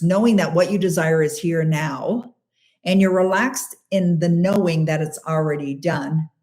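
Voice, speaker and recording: A woman's voice: fairly low pitch, darkish tone. A middle-aged woman hosting a live question-and-answer show, coaching listeners in an emphatic, encouraging way and repeating key phrases for stress. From Canada.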